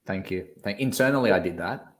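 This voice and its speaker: An Australian man co-hosting a relaxed online chat, spinning a lively anecdote. He speaks in a fairly low voice, with a loose, animated delivery and a casual swear or two thrown in. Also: brisk, noisy background. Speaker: co-host.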